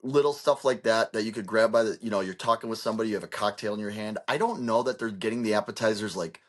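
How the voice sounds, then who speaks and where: A man with a lowish voice talks through ideas in a loose, casual podcast chat. He rambles, restarts his sentences and leans on filler words as he goes. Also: fast talker. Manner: rambling, restarts often, heavy use of "like". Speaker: podcast co-host.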